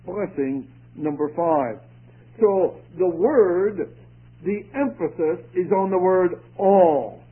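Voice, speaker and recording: A man preaching in a high, husky voice, earnest and emphatic, his lines rising and falling to stress each point. It comes through a thin, phone-like radio broadcast. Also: expressive, takes it slowly. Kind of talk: sermon.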